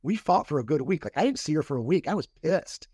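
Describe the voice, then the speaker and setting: A man's voice: on the high side, animated, fast talker, dark tone, breathy edge, dry recording, studio quality. Man recounting a past relationship. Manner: rambling retelling with quoted dialogue and restarts. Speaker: podcast guest. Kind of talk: casual storytelling interview.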